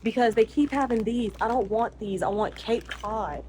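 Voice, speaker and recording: A young woman vlogs on her phone camera as she walks through a convenience store, talking in a casual, expressive way that keeps tipping into swearing rants. Her voice sits a little high, and a faint hiss of background noise runs under the recording. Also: moderate pace, few pauses, low-quality recording. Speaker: vlogger. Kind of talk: casual vlog chat. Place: car and convenience store, in and out of doors.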